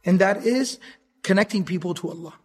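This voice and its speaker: Guy giving an islamic lecture, really high voice, talks fast, earnest, keeps repeating the main point. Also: darkish tone. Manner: earnest, emphatic, repeats key points, quotes Arabic verses quickly. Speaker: Islamic teacher. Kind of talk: educational lecture on the seerah.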